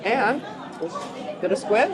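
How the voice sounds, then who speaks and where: A woman's voice: fairly high pitch, lively intonation, slow pace, rough recording. Woman explaining flavors in a busy eatery. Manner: explanatory, describes flavors in detail. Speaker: food vlogger. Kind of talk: casual food review chat. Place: indoor restaurant. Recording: busy restaurant chatter behind.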